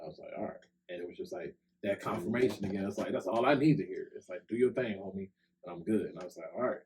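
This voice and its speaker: Speaking into a podcast mic, a very low-voiced young co-host tells a casual story at a quick pace, his tone a little mellow. He keeps it loose and chatty, tossing in "like" or "right?" every few words, and the recording is rough.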